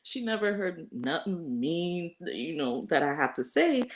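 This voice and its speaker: A woman's voice: fairly low pitch, big pitch swings, unhurried. A woman in casual chat, telling a workplace story, laughing often and acting out what others said. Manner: laughs often, acts out quoted voices.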